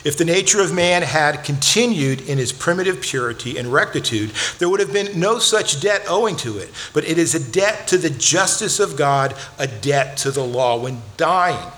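A man's voice: a little high, animated, normal speed, few pauses, a bit bright. A man preaching a sermon as a pastor, earnest and direct, repeating words for emphasis and turning to speak to the children in the congregation. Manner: earnest, repeats words when stressing a point.

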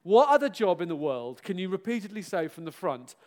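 A middle-aged pastor giving an animated, self-mocking farewell address to his church, breaking into loud exclamations and laughter. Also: high voice, a little fast, hardly any pauses.

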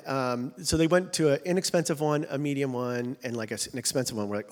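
Pastor, man, forties, slightly high voice, easy self-mocking humor, big echoing hall. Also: fast talker, hardly any pauses. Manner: conversational, self-deprecating humor. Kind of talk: sermon. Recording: long hall reverb.

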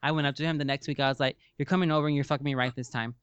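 A man's voice: medium pitch, fairly even intonation, racing, a bit bright, clear, resonant tone, no echo, lo-fi sound. A man in his late twenties or early thirties hosting a frank, casual interview, blunt and playful, laughing often. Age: late 20s to early 30s.

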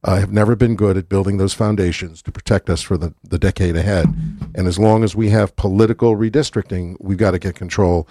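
Brief: politician guest, lowish voice, measured pace with ums, dry studio sound. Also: male voice, steady tone, mellow, dry recording. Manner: measured, fills pauses with um and uh. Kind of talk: radio studio conversation.

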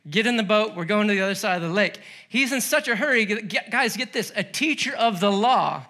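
A male pastor preaching a sermon, animated and laughing as he acts out the story's voices. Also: high voice, fairly quick. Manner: laughs between lines.

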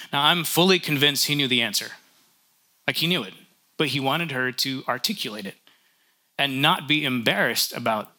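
A male pastor delivers a sermon in an easy, conversational manner, tossing in light jokes. His voice is middle in pitch with a very bright, sharp edge, and he often restarts his sentences.

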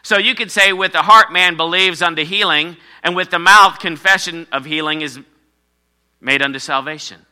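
Male pastor, sermon delivery, emphatic, slightly high and sharp-toned voice. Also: moderate pace, smooth. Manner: emphatic preaching, repeating key phrases.

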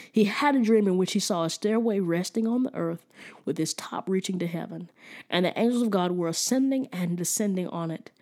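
A woman's voice: on the low side, dark tone. A woman teaching a Bible study in a casual, conversational way, often repeating words and checking in with "okay?".

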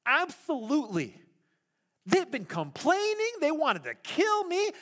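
A man's voice: very high-pitched, wildly swooping pitch, measured pace, fairly bright tone, pitched above the performer's own voice, full character voice. A pastor acting out Moses as an exasperated man pleading with God, indignant and incredulous.

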